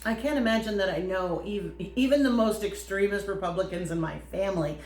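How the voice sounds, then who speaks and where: Animated woman co-host in echoey studio. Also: medium pitch, brisk. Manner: animated, emphatic, laughs easily. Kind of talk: casual chat.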